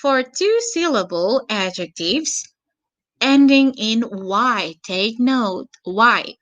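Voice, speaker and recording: Woman, English teacher, online grammar lesson, very slow, patient, repeats words, bright voice. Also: on the high side, lively intonation, dull audio.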